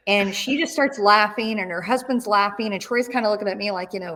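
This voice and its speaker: Middle-aged woman, retired Marine, animated storyteller, acts out quoted lines. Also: mid-range voice, fast talker, few pauses. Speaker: interview guest, retired Marine. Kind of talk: storytelling in an interview.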